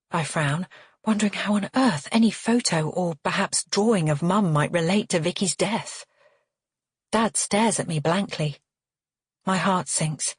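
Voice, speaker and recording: Husky woman narrating a thriller audiobook. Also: fairly low pitch, a little slow, no room sound, studio quality. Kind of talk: first-person thriller narration.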